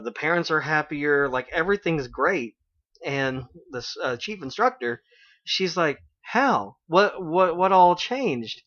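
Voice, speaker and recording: A man's voice: medium pitch, fairly bright tone. A man hosting a casual internet radio show, retelling an anime episode with lots of "like" and "you know". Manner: chatty retelling with many fillers. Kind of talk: casual anime recap chat. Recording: dull lo-fi internet radio stream.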